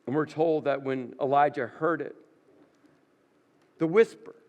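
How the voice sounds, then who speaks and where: Pastor preaching, fairly high voice, goes quiet and hushed for effect. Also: male voice, measured pace, dull audio. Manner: dramatic, drops to soft near-whisper. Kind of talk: sermon.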